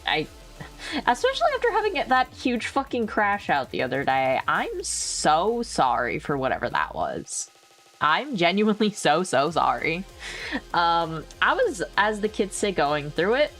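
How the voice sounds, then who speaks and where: A woman's voice: fairly low pitch, huge pitch swings, a little slow, fairly bright tone, soft background music. A woman livestreaming casual chat, rambling, laughing often and swearing freely into a new microphone. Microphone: new desk microphone.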